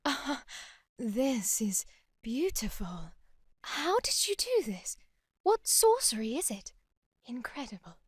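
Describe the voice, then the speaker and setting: A woman voicing a powerful female deity guardian with a British accent, calm, laid-back and quietly assured. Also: sits high, slow, pauses often, husky, no room sound, clean studio sound, full character voice. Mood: awed.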